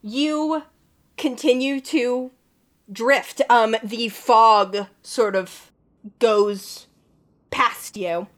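A woman running a tabletop game, narrating scenes in a relaxed, loose way. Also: a little high, extremely slow. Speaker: game master.

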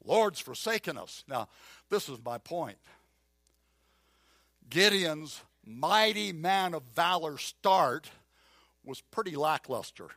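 A man preaches with rising emphasis, leaning hard on repeated phrases. His voice sits high and carries a gravelly edge. The sound is dry and close, with no room around it. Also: dry recording. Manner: animated, emphatic preaching with repetition; acts out voices of a doubting listener and a drawling Gideon. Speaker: pastor. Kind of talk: sermon.

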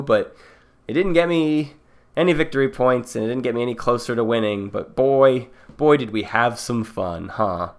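A man's voice: medium pitch, normal speed. A man co-hosting a casual board game podcast, rambling through strategy with a joking manner. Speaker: podcast co-host.

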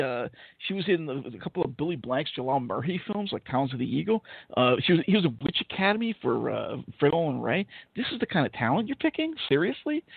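A blunt, sarcastic man rambles through a film review, swearing freely and leaning on fillers. His voice is gravelly and husky, and it comes through a dry, tinny, phone-like line. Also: fairly high pitch, no room sound. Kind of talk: casual opinionated film-review chat.

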